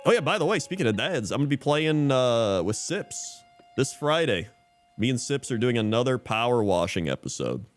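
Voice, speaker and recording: A man's voice: mid-range voice, very animated, moderate pace, faint music behind. A man streaming live in casual chat, reading out usernames and laughing often.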